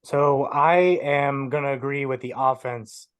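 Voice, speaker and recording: A young man on a sports talk show who speaks in a confident, organized way, going through his points one by one. His middle-pitched voice is recorded dry and close, with no room echo. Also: flat delivery, measured pace, fairly bright tone, clear, resonant tone. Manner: confident, listing points in order. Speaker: sports podcast co-host.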